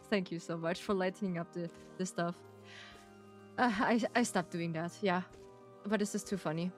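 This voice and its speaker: A woman with a German accent, a native German speaker chatting casually with her viewers as a streamer, playful and teasing and laughing often. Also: mid-range voice.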